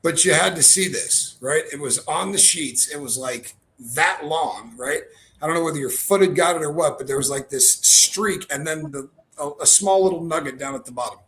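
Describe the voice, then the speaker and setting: A man's voice: on the high side, normal speed, fairly bright tone. A man co-hosting a casual live stream, talking in a rambling, hesitant way with many fillers.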